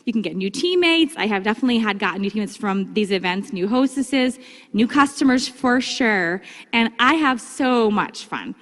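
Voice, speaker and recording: A woman giving a casual, upbeat training talk to her sales team, breaking into livelier, higher tones when she acts out chats with customers. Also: animated, normal speed, fairly bright tone. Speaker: direct sales consultant giving vendor training. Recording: long hall reverb.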